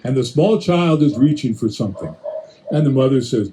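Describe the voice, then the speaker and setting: A man preaching in a conversational Bible-teaching style, addressing listeners directly with quick restarts and acted-out asides. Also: mid-range voice, expressive, background noise.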